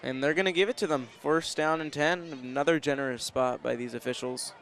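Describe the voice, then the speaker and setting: A young man giving measured, analytical color commentary on a high school football game from an outdoor booth. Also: fairly bright tone. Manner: measured, hesitant with fillers, analytical. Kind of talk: sports commentary. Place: outdoor press booth at a stadium. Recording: outdoor stadium with faint band music.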